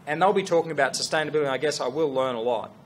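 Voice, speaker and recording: A middle-aged man, a fashion brand founder telling a story to an audience in an earnest, animated way with restarts. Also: fairly high pitch, racing. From Australia.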